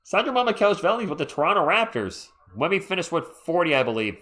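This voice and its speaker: A man's voice: high voice, big pitch swings, quick pace, sharp tone. Tired guy doing casual live sports commentary from home, drowsy and chill, chatting with viewers. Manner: tired, laid-back, yawning, chatty asides to viewers. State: sleepy. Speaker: live play-by-play streamer.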